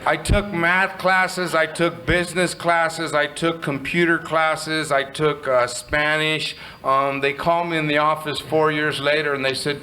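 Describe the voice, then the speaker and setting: A middle-aged man from Southern California, sharing his recovery story in a candid, animated way and swearing casually. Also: fairly high pitch, measured pace, few pauses, slight background noise, poor audio. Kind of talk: personal storytelling speech.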